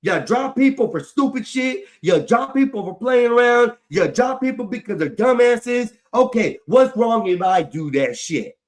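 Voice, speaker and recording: Very high-pitched and lively in intonation, a livestream host's voice moves unhurriedly with few pauses. He's angry, ranting, cursing heavily, and saying the same things over and over.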